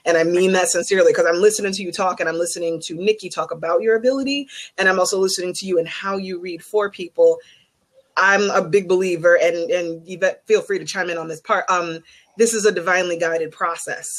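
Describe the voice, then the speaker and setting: A woman who works as a psychic and Reiki master, telling a candid, animated story in a casual group video chat. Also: lowish voice, poor audio.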